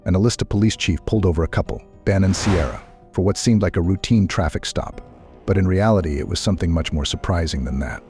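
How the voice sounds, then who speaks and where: A man giving scripted narration in a calm, measured storytelling manner. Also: low-pitched.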